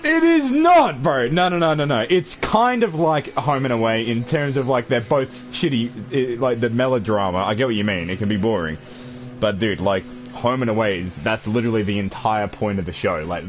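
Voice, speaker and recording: Crude, excitable young guy. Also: fairly low pitch, moderate pace. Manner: crude, excitable, swears constantly, says "dude" and "bro". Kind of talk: casual unboxing chat. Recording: dull lo-fi audio with faint music.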